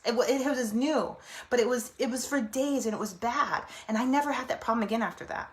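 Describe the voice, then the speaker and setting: A middle-aged woman therapist giving a casual teaching talk, animated, acting out inner voices and laughing often. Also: on the high side, normal speed.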